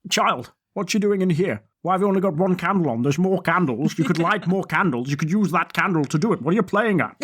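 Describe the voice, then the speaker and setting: A co-host voicing a gruff older male monster hunter who nags at a child. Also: medium pitch, expressive. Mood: scolding. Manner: brisk, nagging.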